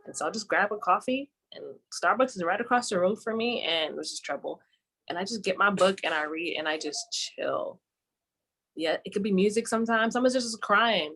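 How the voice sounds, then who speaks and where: A woman's voice: mid-range voice, moderate pace, a bit bright. Laid-back chatty woman co-host. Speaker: podcast co-host. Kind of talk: casual chat.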